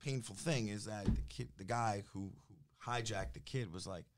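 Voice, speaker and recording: A man's voice: on the low side, moderate pace. A man with a New Jersey accent telling a story in casual conversation, acting out both sides of phone calls and getting heated. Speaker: business development director. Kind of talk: animated storytelling in casual chat.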